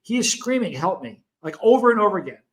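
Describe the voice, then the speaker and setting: A man's voice: high-pitched, lively intonation, rapid-fire, fairly bright tone. A middle-aged man hosting a hot sauce live stream, chatting casually with viewers and telling long, rambling stories full of asides. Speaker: hot sauce show host.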